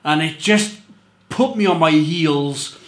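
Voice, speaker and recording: A man talks through a beer review in a loose, rambling way, circling back and repeating phrases to drive his points home. His voice sits a little high. The room around him rings with a noticeable echo. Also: takes it slowly. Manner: rambling, repeats himself, emphatic. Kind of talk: casual review monologue.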